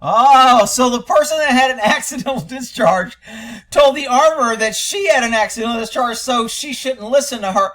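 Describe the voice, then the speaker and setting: A man's voice: very high-pitched, normal speed, a bit bright. A man giving critical commentary on an interview recording, blunt, sarcastic and scornful, sometimes swearing. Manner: profane. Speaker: commentator reacting to interview audio.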